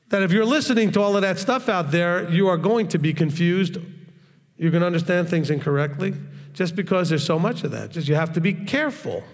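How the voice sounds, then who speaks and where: Blunt, gravelly male Bible teacher. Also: sits high, long reverb tail. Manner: blunt, hard and straightforward; conversational, asks the audience questions. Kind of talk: informal recorded teaching.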